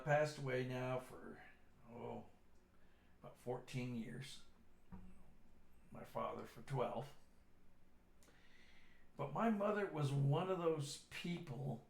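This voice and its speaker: A man's voice: mid-range voice, creaky. A middle-aged man hosting his own show, telling rambling, darkly funny stories in a casual, self-deprecating way. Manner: dark-humored, self-deprecating, chatty. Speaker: show host. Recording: echoey room.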